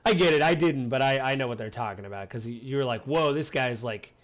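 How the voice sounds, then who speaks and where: A man from the United States hosting a casual podcast chat, rambling and acting out quotes in animated voices. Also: mid-range voice, quick pace. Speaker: podcast host.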